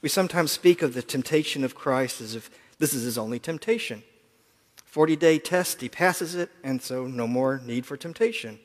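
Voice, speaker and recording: A man preaching a sermon in a reflective, earnest way, dropping to quiet asides at times. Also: mid-range voice, moderate pace. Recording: long hall reverb.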